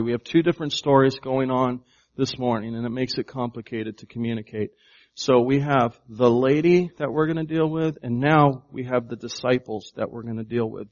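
A man delivering a sermon at a medium pitch, leaning hard on key words and dropping low for others. He keeps turning to the congregation with questions. The recording sounds a little dull and muffled. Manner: emphatic, varies volume for stress. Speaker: pastor.

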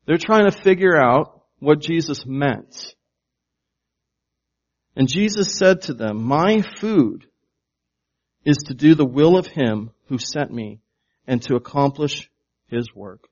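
A man's voice: fairly high pitch, expressive, takes it slowly, long pauses, darkish tone, highs cut off. A man preaching a sermon, emphatic and shifting his volume to stress words, often asking his congregation questions. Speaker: pastor.

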